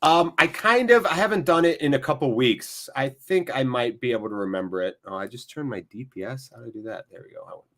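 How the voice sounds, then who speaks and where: A man's voice: mid-range voice, a little fast, few pauses, fairly bright tone. A man hosts a casual live football watchalong while running a fever. He rambles, swears offhandedly and pokes fun at himself. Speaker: livestream host.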